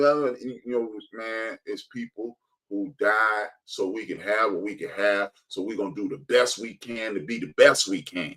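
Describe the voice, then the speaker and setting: A man's voice: fairly low pitch, moderate pace, a bit bright, poor audio. A man hosting a podcast, giving emphatic, preachy commentary that rises in bursts. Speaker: podcast host. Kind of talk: impassioned commentary.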